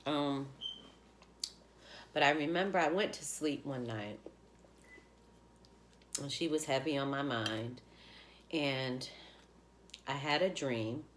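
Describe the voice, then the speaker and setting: Deep-voiced woman telling a heartfelt story. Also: takes it slowly, pauses often, slight background noise. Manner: heartfelt, rambling, with many fillers. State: close to tears. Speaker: vlogger telling a personal story. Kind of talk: emotional storytime narration.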